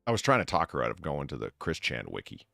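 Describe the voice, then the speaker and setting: A man's voice: a bass voice, very animated, fast talker, gravelly, pushed and bright, dry recording, studio quality. A man hosting a casual live stream, thanking donors and rambling in a self-deprecating way. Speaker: bartender host.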